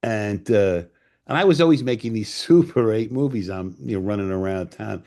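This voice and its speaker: An older man from New York, a film director telling profane, animated stories in a casual interview and acting out what others said. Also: on the low side, normal speed. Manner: profane, animated anecdotes with acted-out quotes. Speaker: screenwriter and director guest.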